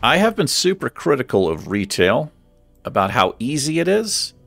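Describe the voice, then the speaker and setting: A man's voice: mid-range voice, very animated, moderate pace, creaky, fairly bright tone, soft background music. A man hosting a let's play, chatting casually and thinking aloud with a self-deprecating streak as he plays. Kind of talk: casual gameplay commentary.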